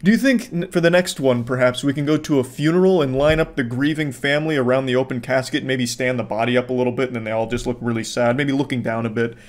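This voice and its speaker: A man delivering sarcastic commentary in a dry, deadpan voice. His pitch sits in an ordinary middle range, and the swearing comes out flat and sardonic. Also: fast, hardly any pauses.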